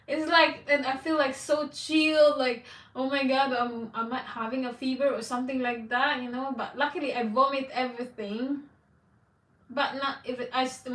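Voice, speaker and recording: A woman's voice: on the high side, a bit bright, distant mic. Rambling woman vlogger in an echoey room. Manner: rambling and candid, frequent exclamations. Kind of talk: casual chat to viewers.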